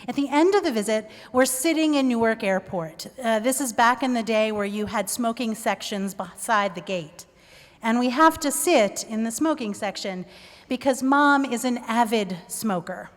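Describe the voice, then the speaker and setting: Woman storyteller, higher voice, animated and wry, live stage with long reverb. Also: normal speed. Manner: animated, self-mocking, acts out quoted voices. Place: performance venue stage.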